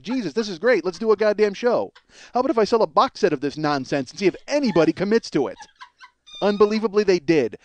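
Fast, animated ranting podcast man. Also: sits high. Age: middle-aged. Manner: profane, ranting, self-mocking. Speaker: podcast host. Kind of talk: rambling comedic monologue.

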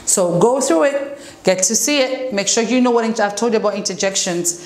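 A woman English teacher giving a relaxed, conversational classroom lesson, mixing in French explanations. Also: a little high, fairly quick. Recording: echoey room, faint noise.

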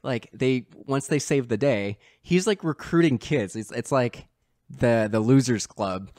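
Male podcast co-host, mid-pitched, energetic storyteller, dry close sound. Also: a little slow, no echo. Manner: animated retelling, acting out quoted lines. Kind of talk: casual podcast chat.

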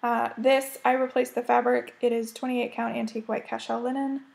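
A woman's voice: a little high, little pitch movement, a little fast, vocal fry, a little mellow. An American woman chatting casually as she shows her cross-stitch projects, rambling and gushing over them. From United States. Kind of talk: casual show-and-tell chat.

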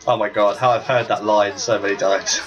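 A man giving casual let's-play commentary over a video game, excitable and joking, swearing casually. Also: fairly low pitch, a little fast, recorded from a distance, highs cut off. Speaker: gameplay commentator. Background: game music.

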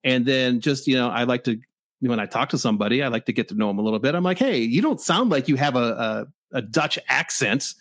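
Guy in his 40s from michigan, comic shop owner telling a story, lively voice, dry close sound. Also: medium pitch, fairly quick, no echo. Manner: animated, acts out both sides of the exchange. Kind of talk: casual storytelling.

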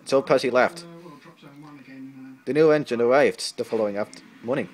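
A man narrating a children's storybook aloud. His voice is plain and steady at an ordinary middle pitch. He tells the story without rush. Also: normal speed, long pauses, slight background noise. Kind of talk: storybook reading.

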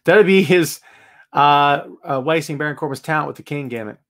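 A man hosting a wrestling talk show, ranting in an animated, excitable way and answering chat messages. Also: fairly high pitch, a little fast. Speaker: wrestling podcast host. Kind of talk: live show, reading chat comments.

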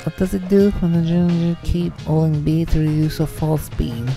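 Faint music plays behind a gaming host whose medium-pitched voice is steady and warm, with vocal fry. During his live let's-play he thinks through things aloud, reads game text slowly, and lets out panicky, profane outbursts.

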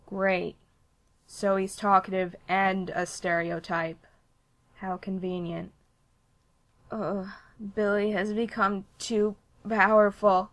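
A cold, scornful cartoon girl, voiced by a woman in a mid-range tone. She delivers every line slowly and flatly, with dry contempt. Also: medium pitch. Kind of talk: cartoon voice acting demo.

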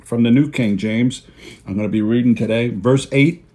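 A man's voice: medium pitch, moderate pace, mellow. A man pastor delivering a folksy sermon, repeating key phrases for emphasis. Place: church video service.

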